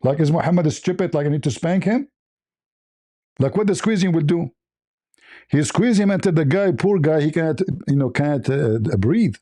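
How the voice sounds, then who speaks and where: A man's voice: a little high, animated, normal speed, mellow, no room sound, studio quality. Mocking, insistent male livestream host. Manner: mocking, insistent, laughs at his own points. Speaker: livestream host debating a caller. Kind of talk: argumentative livestream call-in debate.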